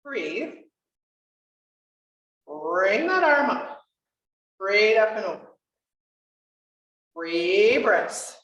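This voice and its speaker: A woman's voice: mid-range voice, sing-song, drawn-out words, pauses often, fairly bright tone, dull audio. A woman leading a guided chair yoga class, encouraging and chatty. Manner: encouraging, chatty, laughs often. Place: community class room. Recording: echoey room, voice from far off mic.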